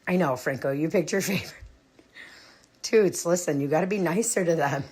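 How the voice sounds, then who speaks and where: A woman's voice: low voice, fairly quick, pauses often, a little mellow, husky. A middle-aged woman hosting her own vlog in a casual, rambling, chatty way, often interrupting herself. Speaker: vlog host. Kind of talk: casual chat.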